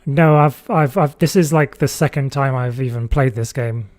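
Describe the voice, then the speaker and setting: A man hosting a casual gaming livestream, chatting in a relaxed way and reading viewer messages aloud. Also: mid-range voice, moderate pace, no room sound, studio quality. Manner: relaxed, chatty, reads chat aloud, frequent fillers. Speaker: streamer host.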